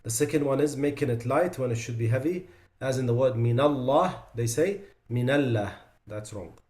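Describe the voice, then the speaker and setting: Speaking a little fast with a dark tone, a man runs a tajweed lesson on recitation errors. For each sound he gives a recited example before dropping his voice low to point out the mistake.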